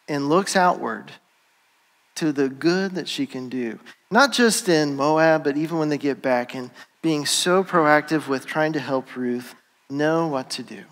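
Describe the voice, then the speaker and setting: Male pastor, slightly high voice, slow unhurried delivery, casual storytelling sermon, long church reverb. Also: a bit bright. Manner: conversational storytelling, acting out quoted voices. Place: church sanctuary.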